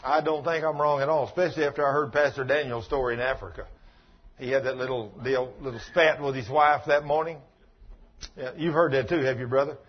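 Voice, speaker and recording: A man's voice: medium pitch, steady tone, a little fast, slightly rough, highs cut off. A man preaching a sermon in a folksy, emphatic way, telling stories and acting out the dialogue. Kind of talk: sermon with storytelling.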